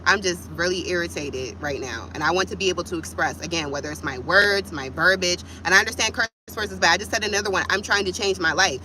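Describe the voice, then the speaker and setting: A woman's voice: mid-range voice, sharp tone, a little hiss or hum, poor audio. Fired-up woman venting on a livestream. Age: adult with kids. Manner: blunt, profane, fired up, talks straight to viewers. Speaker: vlogger on a livestream. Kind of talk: heated livestream vent.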